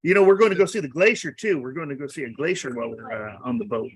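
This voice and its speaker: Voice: medium pitch, fast talker, husky. A speaker joking along in a casual chat, chiming in with playful remarks. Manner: playful, jokes and hums along.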